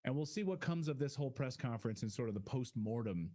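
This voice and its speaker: A man hosting a news talk show, commenting and reading out posts in a relaxed, conversational way. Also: mid-range voice, quick pace. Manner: relaxed, talks with a co-host and reads out posts.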